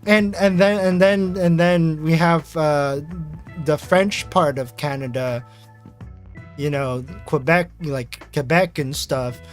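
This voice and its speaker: A man's voice: a little high, takes it slowly, faint music behind. An American man chatting casually on a livestream in a rambling, chatty way with frequent laughs. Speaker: vtuber streamer.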